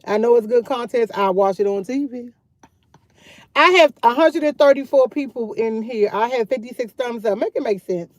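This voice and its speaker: A talkative woman, speaking in a somewhat high voice. She chats candidly and loosely on a phone live stream from outdoors, circling back to the same points. The sound is dry and close, with little room around it. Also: moderate pace, no echo. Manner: candid, talkative, repeats herself. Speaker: vlogger live-streaming to chat. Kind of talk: casual live-stream chat.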